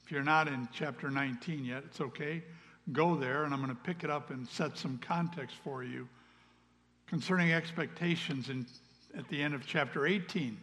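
A man giving a sermon as pastor, earnest, swinging between loud calls and hushed asides. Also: on the high side, moderate pace. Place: church sanctuary. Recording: long reverb of a large hall.

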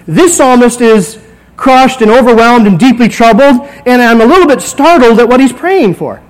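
A man's voice: very high voice, lively intonation, a little slow, long pauses, rough recording. A man in his forties, a pastor preaching a conversational sermon in a church, acting out little dialogues as he goes. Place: church sanctuary.

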